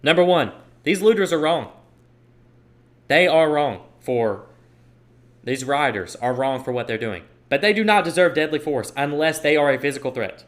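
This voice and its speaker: A man's voice: fairly high pitch, animated, normal speed. Emphatic man hosting a solo podcast. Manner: emphatic, repeats points for stress. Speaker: podcast host. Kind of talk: opinionated solo podcast commentary.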